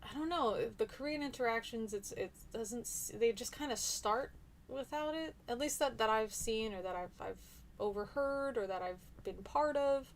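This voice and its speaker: A woman's voice: a little high, moderate pace, a little hiss or hum. Chatty New woman streaming. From New Zealand. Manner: chatty and hesitant, many ums and restarts. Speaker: livestream host. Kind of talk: casual livestream chat answering viewer comments.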